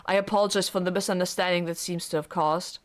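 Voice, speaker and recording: A woman's voice: fairly low pitch, fairly even intonation, quick pace, natural voice. A woman reading a visual novel aloud, voicing a reserved, self-doubting young man in a stiff, formal way close to her own voice. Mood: apologetic.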